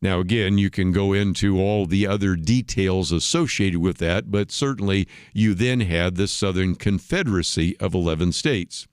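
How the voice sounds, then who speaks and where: A man's voice: low voice, moderate pace, hardly any pauses, clean tone, no echo, clean studio sound. A man hosting a talk radio show, giving conversational commentary and explaining history step by step.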